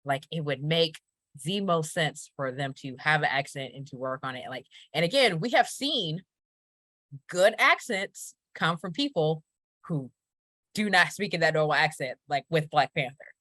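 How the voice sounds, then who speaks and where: A woman in casual chat, opinionated and quick to laugh. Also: low voice, animated, a bit bright, dry recording.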